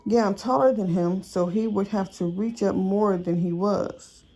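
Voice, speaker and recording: A woman being interviewed on a recording, recounting events in a halting, plain-spoken way. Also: mid-range voice, warm tone, low-quality recording.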